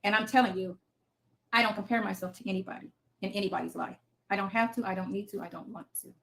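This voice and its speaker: A woman's voice: medium pitch, steady tone, fast talker, vocal fry, fairly bright tone. A woman in her fifties hosting a casual livestream from her basement, talking bluntly and cursing freely as she answers viewers' comments. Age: 50s. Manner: blunt, profane, defiant. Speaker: livestream host. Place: home basement.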